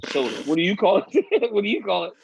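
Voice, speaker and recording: A man, a guest telling animated stories in casual chat and laughing often. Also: sits high, fast, gravelly, breathy edge, no room sound. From Louisiana. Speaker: guest analyst. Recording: dull, lo-fi remote feed.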